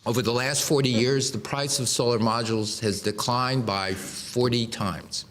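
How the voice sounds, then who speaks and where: A man's voice: mid-range voice, steady tone, moderate pace, few pauses, a bit bright, slight background noise. A man in his sixties giving a public lecture from a podium to an audience, explaining with dry humor and frequent restarts. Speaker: guest speaker. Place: lecture hall before a live audience.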